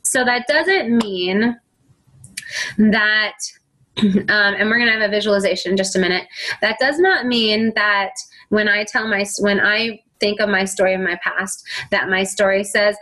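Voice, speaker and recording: Middle aged woman teaching a faith talk, does little voices for quotes, normal pitch. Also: a little slow, pushed and bright, poor audio. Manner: acts out quoted voices and whiny children. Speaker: faith-based self-help teacher.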